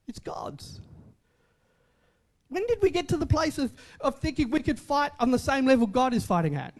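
With an extremely high pitch, this male pastor gives a conversational sermon. He keeps repeating short phrases for emphasis and asks the congregation questions.

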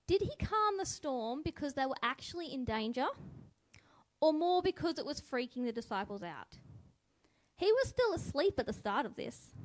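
A woman giving a reflective spoken devotional, musing and asking the listener questions. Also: sits high. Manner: musing, asks listeners questions, lively voice for quotes. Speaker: devotional speaker.

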